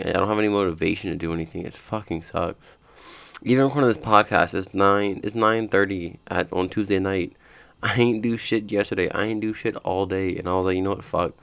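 A man's voice: low-pitched, vocal fry, smooth, no room sound. A young man hosting his own podcast, rambling and cursing in a frustrated, casual chat from his room at home. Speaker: podcast host.

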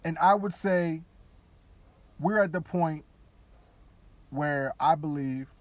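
A man podcasting, talking candidly and casually, now and then dropping into quiet mock voices of others. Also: a little high, slow, no room sound. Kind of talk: casual opinion talk.

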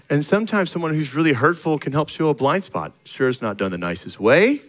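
A man's voice: a little high, very animated, fairly quick, rough recording. A middle-aged male pastor preaching a sermon in a conversational way, acting out little dialogues and rising to emphatic points.

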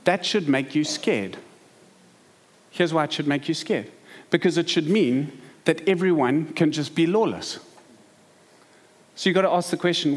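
A man with a South African accent preaching a sermon, mixing scripture with lively stories and humor. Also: a little high. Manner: lively storytelling, quick asides and humor. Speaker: pastor.

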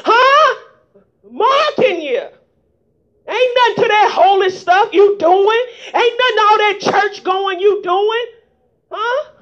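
A woman's voice: very high voice, lively intonation, slow pace, fairly bright tone, voice pushed up, heavily acted. A woman preacher voicing a mocking worldly scoffer who taunts churchgoers, in a dull lo-fi recording. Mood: taunting. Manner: taunting, jeering.

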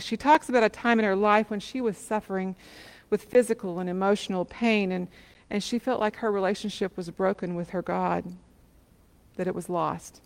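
A woman preacher retells a parable at a mid-range pitch, steady and earnest, often turning questions to her listeners. Her voice carries a long hall reverb. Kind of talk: sermon.

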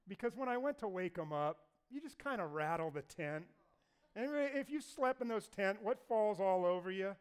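A male pastor preaching a sermon in a church. His voice sits high for a man and sounds smooth and resonant. He tells the story in a lively way and acts out what each figure says. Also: normal speed. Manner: animated storyteller acting out voices.

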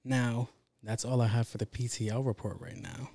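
A man's voice: mid-range voice, steady tone, normal speed, vocal fry, warm tone, dry recording. A man hosting a podcast, talking in a casual, rambling monologue full of swearing and self-interruptions. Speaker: podcast host.

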